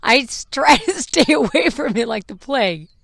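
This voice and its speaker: This woman, a mother hosting a podcast, speaks in a high, animated voice at normal speed, fairly bright with vocal fry. She recounts a personal story openly and emotionally, laughing and swearing occasionally, in a dry recording.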